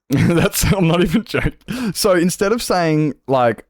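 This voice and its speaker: A man's voice: mid-range voice, very animated, moderate pace, darkish tone, no room sound, clean studio sound. A man chatting casually on a gaming livestream, swearing freely and laughing often. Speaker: streamer.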